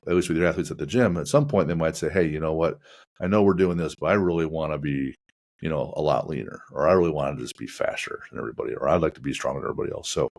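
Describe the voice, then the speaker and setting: A man hosting a podcast, chatting casually in a measured, reflective way and asking long, rambling questions. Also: a bass voice. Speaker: podcast host. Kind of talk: casual interview chat.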